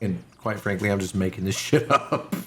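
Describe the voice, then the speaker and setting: A man's voice: low voice, lively intonation, moderate pace. A man narrating a tabletop game as game master, loose and self-mocking, with many fillers.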